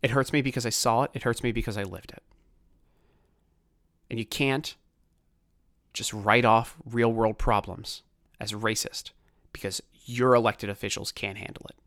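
A man from Baltimore with a Baltimore accent, hosting a podcast with a passionate, ranting monologue that swings from loud to quiet. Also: lowish voice, fairly even intonation, normal speed, pauses often, no room sound, clean studio sound. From Baltimore, USA. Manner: passionate, ranting, swears, voice rising and falling. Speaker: podcast host.

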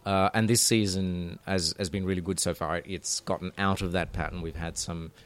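A man chatting as a guest author at a live podcast in a bookshop, telling stories in a relaxed way with hesitant fillers. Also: low voice, normal speed. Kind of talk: casual chat.

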